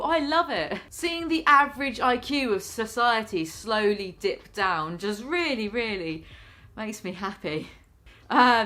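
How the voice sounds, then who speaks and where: A woman's voice: on the high side, fairly bright tone. A British woman vlogger reading out a news story and online comments and mocking them, swearing freely and laughing often. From Britain.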